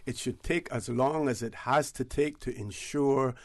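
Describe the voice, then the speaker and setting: A man hosts a call-in radio discussion, laying out his points calmly and steadily. He pauses often on fillers, and his voice sits at an ordinary middle pitch. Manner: measured, steady explaining with many hesitations. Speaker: radio host.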